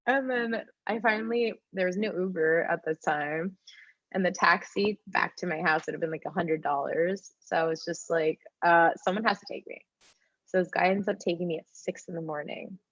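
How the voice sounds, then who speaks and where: A young woman telling the story of her life in casual talk, animated, with a lot of "like", and she acts out the other people. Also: fairly low pitch, normal speed, dry recording, highs cut off.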